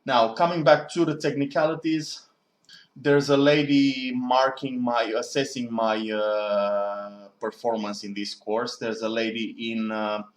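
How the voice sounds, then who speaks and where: A man's voice: mid-range voice, level tone, unhurried. A man talking in a casual, rambling monologue as a student, musing and often correcting himself. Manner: musing, digressive, self-correcting. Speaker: student vlogger. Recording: echoey room.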